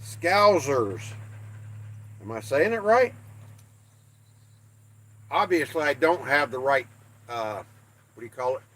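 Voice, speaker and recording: An older man from the American West hosts a livestream, reading viewer comments aloud in a folksy, self-deprecating way. His mid-range, fairly bright voice has lively intonation, moving slowly with long pauses.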